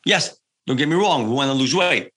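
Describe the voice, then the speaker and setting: A man working as a health coach, explaining his approach in a podcast interview, lively and full of examples. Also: mid-range voice, a little fast.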